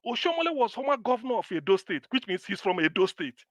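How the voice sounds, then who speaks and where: A man's voice: sits high, very animated, fast talker, a bit bright, no room sound. A Nigerian man hosting a live stream, lecturing and scolding viewers in impassioned commentary.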